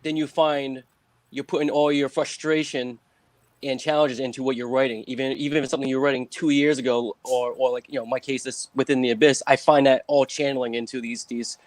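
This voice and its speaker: A man with a New England accent rambles through his answers with lots of fillers and little chuckles. His voice sits at an ordinary pitch and sounds dry and close over a video call. It comes across like a casual chat. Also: flat delivery, fairly quick, no echo. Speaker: guest author.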